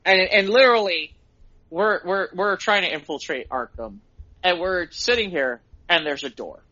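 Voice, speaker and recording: A middle-aged man, a podcast co-host, telling excited stories in casual chat and laughing at them himself. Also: high-pitched, normal speed, dull audio. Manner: excitable storyteller, laughs at his own stories.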